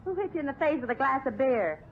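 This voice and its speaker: An actress playing a dry-witted friend with calm, matter-of-fact quips, on an old radio comedy broadcast. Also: female voice, high-pitched, fast, lo-fi sound, background noise.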